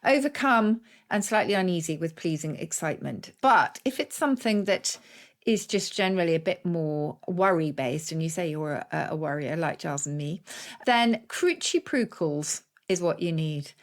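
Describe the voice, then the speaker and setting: A woman's voice: low-pitched, lively intonation, normal speed. A middle-aged woman co-hosting a podcast, chatting about where words come from and spelling them out letter by letter. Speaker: podcast co-host, word expert. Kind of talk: casual chat about word origins.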